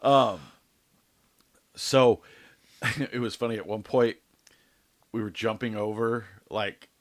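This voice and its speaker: A young man tells a rambling story, full of swearing and loose fillers. His voice sits on the low side, and the close mic keeps it dry and dead. He sounds like one half of a laid-back podcast chat. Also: flat delivery, moderate pace, no echo. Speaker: podcast co-host. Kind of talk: casual chat.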